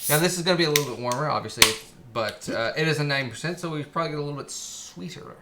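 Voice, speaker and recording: A man co-hosting a casual chat, halting and restarting his sentences in a loose, chatty way. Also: fairly high pitch, heavy background noise. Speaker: co-host.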